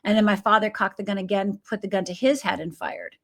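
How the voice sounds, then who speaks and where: In an interview, a woman from Upper Michigan who works as a life coach relates her personal story and acts out the voices of those involved. Her medium-pitched voice is steady in tone and a little fast.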